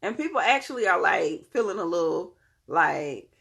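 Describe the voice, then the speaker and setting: A woman reads tarot cards straight to her viewers in an easy, animated way. Her voice carries a gravelly, creaky edge. She talks in loose slang, swears freely and breaks into laughter often. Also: lowish voice, normal speed. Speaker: tarot reader. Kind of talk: casual tarot reading to viewers.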